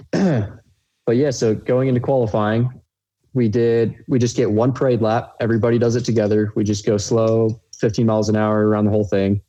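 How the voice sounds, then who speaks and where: A man's voice: on the low side, flat delivery, moderate pace, dark tone, dull audio. A young man, a racecar driver guest, telling a race story in an easygoing way on a casual podcast.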